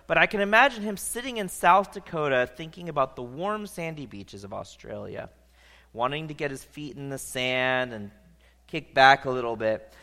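A man preaching in a large hall, spinning a story with a bright, forceful voice that swoops up and down. His pitch sits a little high, and a long reverb trails each phrase. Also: normal speed. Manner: animated, conversational storyteller. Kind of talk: storytelling sermon.

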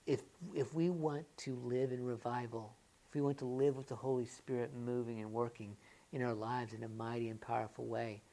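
A woman with a notably low voice preaches to a church congregation. She asks her listeners question after question, sometimes raising her voice with excitement and sometimes dropping to a quiet, earnest tone. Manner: swings from loud excited rhetorical questions to quiet earnest talk. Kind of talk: sermon.

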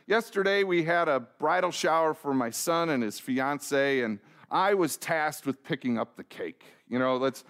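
A middle-aged man delivers a sermon in a somewhat high voice. He mixes a self-mocking personal story with direct questions to his listeners and acts out the dialogue as he goes. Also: moderate pace, few pauses, fairly bright tone, clean tone. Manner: asks the congregation direct questions. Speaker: pastor.

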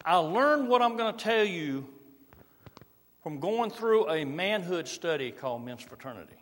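A man's voice: high voice, big pitch swings. Man preaching in a reverberant hall. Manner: varies loudness widely, drops to soft slow emphasis. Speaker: pastor. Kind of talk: sermon. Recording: long reverb of a large hall.

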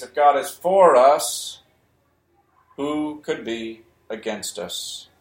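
A man preaching a sermon, emphatic and repeating key phrases, sometimes raising his voice. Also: fairly high pitch. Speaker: pastor. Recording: echoey room.

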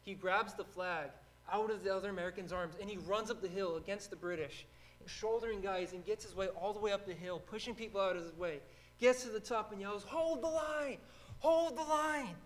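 A man teaching a casual Bible study, retelling stories with energy and acting out shouted lines. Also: sits high, brisk, rough recording.

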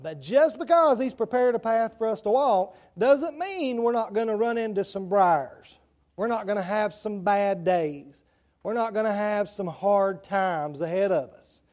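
A man's voice: sits high, measured pace, a little mellow. A man with a rural Southern country accent giving a children's sermon in church, chatty and asking the kids questions. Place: church sanctuary.

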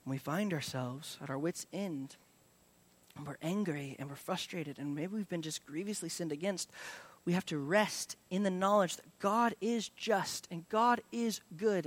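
A man's voice: high-pitched, normal speed. A young adult male pastor preaching a sermon in a casual, conversational way, with many fillers and restarts.

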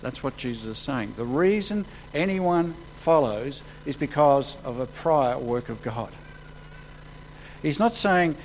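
A man preaching a sermon, acting out the quotes he reads with sudden rises in pitch and volume. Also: takes it slowly, a little hiss or hum, poor audio. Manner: animated, acts out quotes with sudden jumps in pitch and loudness.

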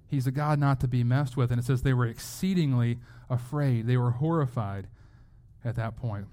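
A man's voice: medium pitch, moderate pace, mellow. Conversational male preacher. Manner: conversational, with frequent word repeats. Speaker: pastor. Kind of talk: sermon.

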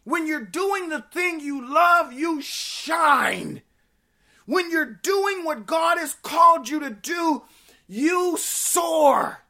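A woman preaching a sermon, repeating phrases in a rhythmic build, rising to shouts and then dropping to hushed tones. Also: high voice, lively intonation, very slow.

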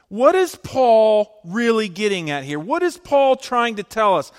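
A male pastor preaching a sermon, emphatic, swinging between loud declarations and hushed lines. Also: very high voice, big pitch swings, slow, hardly any pauses, long reverb tail.

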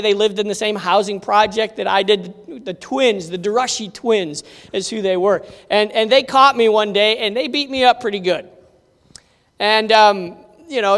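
A middle-aged pastor delivers a sermon in a church, mixing a childhood story with scripture. The talk is chatty and unhurried, full of "you know" and restarts, with asides to the listeners. The voice sits at a middle pitch, and a long hall reverb trails each phrase. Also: fairly bright tone.

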